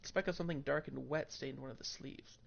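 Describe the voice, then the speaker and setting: A man's voice: mid-range voice, steady tone, fast talker, vocal fry, dull audio. A young man playing a horror game, reading its text aloud and swearing at it in frustration. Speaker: gaming video host. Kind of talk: horror game let's play.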